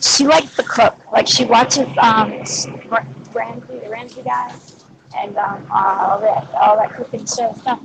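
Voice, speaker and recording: Southern US woman, from Louisiana, rambling chat, gravelly, noisy online call. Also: fairly high pitch, fairly even intonation, unhurried. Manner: rambling, chatty, with many restarts and fillers. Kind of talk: casual group-call chat. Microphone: video call.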